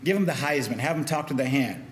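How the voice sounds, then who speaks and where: A man's voice: medium pitch, fast, a little hiss or hum. Middle-aged pastor guy preaching, chatty, keeps asking the crowd to respond, echoey room. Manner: conversational preaching, call-and-response asides. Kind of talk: sermon. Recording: echoey room with faint ambience.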